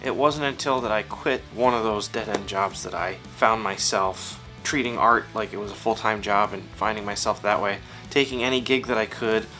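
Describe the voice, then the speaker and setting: A man in his thirties talks about his work in a loose, rambling, self-deprecating way, full of fillers. His voice sits low yet sounds bright and forward. Faint guitar music plays behind him. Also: steady tone, normal speed, hardly any pauses. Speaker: comic book writer and artist. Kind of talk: casual interview answers. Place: his home studio.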